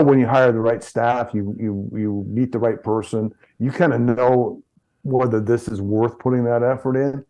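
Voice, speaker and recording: A man's voice: on the low side, dark tone, dull audio. A middle-aged man, a chiropractor, talking in an interview and telling anecdotes, often repeating words and restarting sentences. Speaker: chiropractor guest. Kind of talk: interview conversation.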